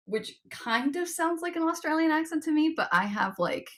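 A young woman with an American accent chats easily as a podcast guest, giggling between her sentences. Her talk is loose and self-deprecating, quick to laugh at her own jokes. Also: high-pitched, lively intonation, a bit bright, slight background noise. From United States. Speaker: guest musician. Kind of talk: casual podcast chat.

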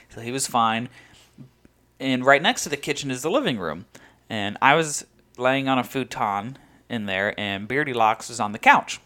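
Young man, casual storyteller, lively intonation, frequent laughter. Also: medium pitch. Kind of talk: casual chat.

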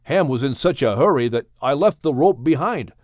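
A man's voice: medium pitch, animated, normal speed, darkish tone, no room sound, clean studio sound, natural voice. A male audiobook reader voicing a young adult son who speaks in an earnest, apologetic way. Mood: worried. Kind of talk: audiobook character reading.

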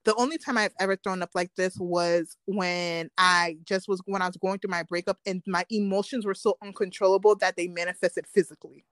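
A woman's voice: lowish voice, fairly quick, few pauses, no room sound. Chatty young woman telling a story. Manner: animated, acts out quotes, swears casually. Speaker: podcast co-host. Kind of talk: casual storytelling chat.

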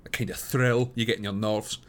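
A man's voice: lowish voice, fairly even intonation, brisk, close to an everyday voice. A man reading aloud, voicing a self-satisfied police inspector recounting his work. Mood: boastful. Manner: boastful storytelling.

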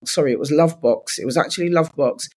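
A woman's voice: low voice, quick pace, warm tone. A woman, a guest in an interview, candidly retelling her own story in loose speech full of "like" fillers.

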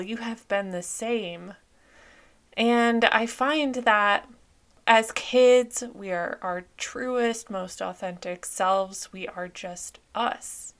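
A woman speaks slowly and gently, leading listeners through a guided reflection. Her pitch sits in an ordinary middle range, and she pauses softly and drifts into casual fillers. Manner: gentle, soothing, unhurried with soft pauses; conversational with fillers like "like". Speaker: podcast host. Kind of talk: guided reflection, podcast monologue.

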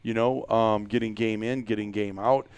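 A man's voice: on the low side, steady tone, moderate pace, a little mellow, clear, resonant tone. A middle-aged man hosting a casual podcast chat, rambling and joking with many fillers and restarts. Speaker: podcast host.

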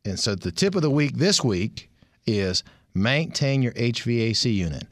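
A man hosting a radio talk show, leading the guest with brisk questions. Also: medium pitch, expressive, dry recording, clean studio sound. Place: radio studio.

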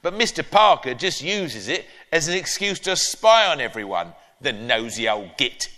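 A man voicing a cheeky, bossy old grandmother in a loud, shrill, animated voice, reading a storybook aloud to an audience. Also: normal speed. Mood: gossipy. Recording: echoey live hall.

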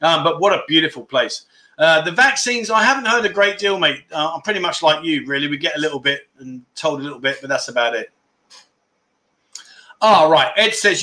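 A man's voice: on the high side, animated, fairly quick, pushed and bright. A man in his fifties hosting a casual livestream, chatting and reading out viewer comments between rambling anecdotes. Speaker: livestream host.

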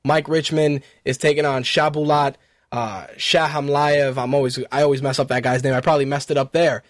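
A man's voice: on the high side, fairly even intonation, fairly quick, no echo, clean studio sound. A man hosting an internet radio talk show in a casual, chatty way, with loose swearing and a run of fight news. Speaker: podcast host.

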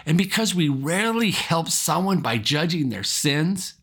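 A man's voice: fairly high pitch, very animated, a little slow, a bit bright, breathy edge. A man, a pastor, preaching a sermon and telling a personal story in an earnest, storytelling way.

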